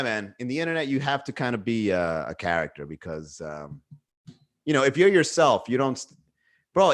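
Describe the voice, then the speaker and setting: Male podcast host, slightly high voice, rambling and philosophical, loose and profane, recorded at home. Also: fairly bright tone. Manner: rambling, musing, swears freely, many fillers. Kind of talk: casual solo podcast monologue. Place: indoors at home.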